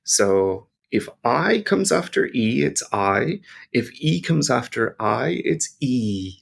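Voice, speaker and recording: Guy teaching pronunciation, slow and patient, gravelly fry in his voice, says each sound out. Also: medium pitch, expressive, a bit bright. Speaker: language teacher. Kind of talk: explaining pronunciation to learners.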